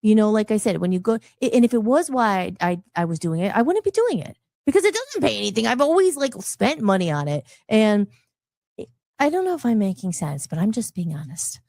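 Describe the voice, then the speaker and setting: A woman's voice: medium pitch, sing-song, fairly quick, vocal fry, a little mellow, no room sound, clean studio sound. A woman musician talking candidly and passionately, rambling and breaking off her sentences as she goes. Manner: rambling, passionate, self-interrupting. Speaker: musician on a radio show. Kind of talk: candid emotional talk.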